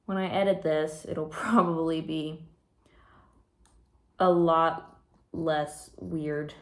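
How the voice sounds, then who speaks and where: A woman's voice: deep voice, level tone, slow pace, roomy sound. A teenage girl vlogging casually in her room, telling a story with lots of fillers while she works on something. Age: teens. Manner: chatty storytelling with many fillers. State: slightly out of breath. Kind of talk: casual vlog chat.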